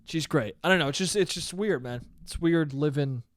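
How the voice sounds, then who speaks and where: A man's voice: on the high side, moderate pace. A young man in his twenties hosting a solo podcast, rambling in a sardonic, profane way. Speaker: podcast host. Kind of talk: solo comedic podcast monologue.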